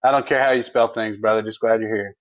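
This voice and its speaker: A man's voice: on the low side, steady tone, quick pace, highs cut off. A man co-hosting a livestream, chatting casually and folksily as he reads viewer comments. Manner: laid-back, folksy, laughs easily. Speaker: livestream co-host.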